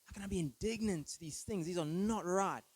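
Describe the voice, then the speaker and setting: A man's voice: high-pitched, a little fast, darkish tone, husky, no room sound, poor audio. Earnest preaching man, dry sound. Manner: earnest, emphatic preaching with rhetorical questions. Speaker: pastor. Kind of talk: sermon. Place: church.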